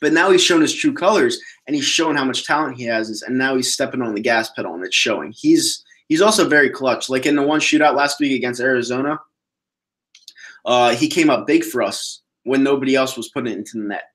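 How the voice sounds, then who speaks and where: Guy doing a solo sports podcast, blunt and sweary, ranting, average pitch. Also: a little fast. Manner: blunt, profane, animated ranting. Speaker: podcast host reading viewer questions.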